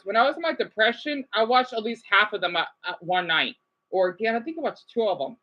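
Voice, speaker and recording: A woman's voice: on the high side, a bit bright, rough recording. A woman vlogger giving rambling, chatty livestream commentary with frequent restarts and check-ins with the audience.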